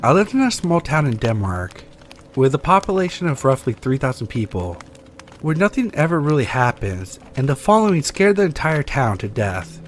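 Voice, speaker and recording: Male story reader, steady delivery, lively intonation, faint hiss behind. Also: mid-range voice, normal speed. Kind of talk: reading scary stories aloud.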